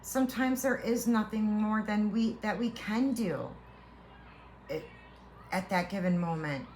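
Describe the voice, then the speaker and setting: A woman's voice: medium pitch, darkish tone, a little hiss or hum. A woman, a tarot reader, giving an earnest, heartfelt spiritual reading to viewers, reassuring them and often restarting her sentences. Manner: halting with repeated restarts.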